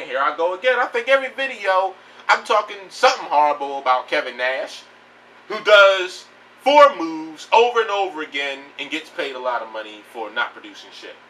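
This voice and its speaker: A man's voice: fairly high pitch, sharp tone, far from the mic, a little hiss or hum, rough recording. A man giving a blunt, profane, rambling rant about pro wrestling news in a casual home video. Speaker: wrestling vlogger.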